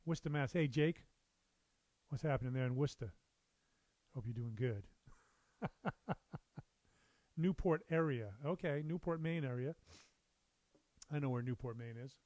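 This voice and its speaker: A man's voice: mid-range voice, darkish tone, no room sound. A man in his fifties from Massachusetts, hosting a livestream from a studio in a loose, rambling chat full of "uh"s as he greets viewers. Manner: chatty, rambling, many "uh"s and drawn-out greetings. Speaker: livestream host and musician. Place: recording studio.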